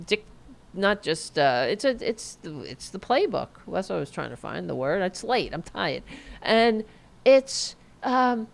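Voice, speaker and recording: A middle-aged woman hosting a political commentary stream, ranting in a profane, sarcastic way. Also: a little high. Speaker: host.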